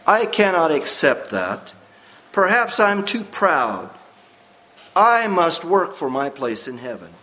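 A man reading the part of an old male pearl diver, speaking in halting, simple phrases. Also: fairly high pitch, very animated, sharp tone, voice pushed up, heavily acted, poor audio. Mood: earnest.

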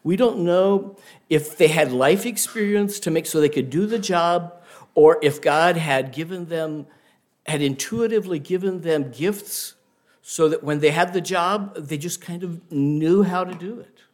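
A man preaching a sermon, telling stories in an unhurried way and asking the listeners rhetorical questions. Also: on the high side.

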